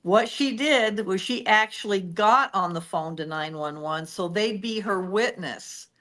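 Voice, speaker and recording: A woman co-hosting a true-crime podcast, retelling the case in steady, detailed storytelling. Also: mid-range voice, measured pace.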